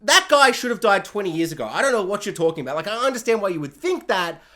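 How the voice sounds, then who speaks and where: A show reviewer in a casual comic rant, animated and sarcastic with lots of fillers. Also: medium pitch, quick pace.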